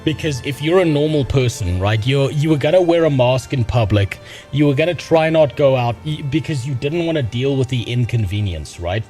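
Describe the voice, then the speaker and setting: A man's voice: mid-range voice, lively intonation, moderate pace, darkish tone. A young man streaming a video game, chatting casually in a blunt, profane and rambling way while reading chat. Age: young adult. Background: game music.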